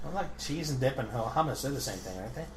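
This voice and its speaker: A man with a lively, up-and-down voice teases his fellow players through a tabletop game. The room is echoey. Noise runs underneath. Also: mid-range voice, fast talker, recorded from a distance. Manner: teasing, jokey. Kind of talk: tabletop role-play banter.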